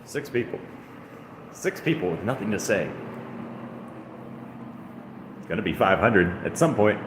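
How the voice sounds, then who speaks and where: Low-voiced man rambling on a livestream. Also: animated, normal speed, echoey room, background noise. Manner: rambling, self-deprecating, coos at a cat. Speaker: streamer. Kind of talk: casual livestream chat. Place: indoors in an apartment.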